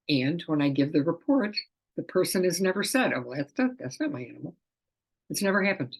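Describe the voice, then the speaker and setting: A middle-aged woman explaining her work as an animal communicator in a casual, chatty way, often acting out the quoted dialogue. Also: lowish voice. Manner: chatty, acts out quoted dialogue in lively voices.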